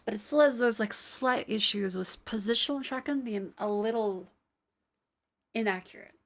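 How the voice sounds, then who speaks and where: A woman's voice: a little high, moderate pace. A young adult woman streamer chatting casually and rambling, with many fillers and some swearing, while testing tracking gear. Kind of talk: casual live-stream chat.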